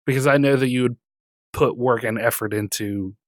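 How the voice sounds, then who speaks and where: A man's voice: medium pitch, normal speed, dry recording, studio quality. A man hosting a podcast in casual chat, laughing often and trailing off into fillers. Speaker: podcast host.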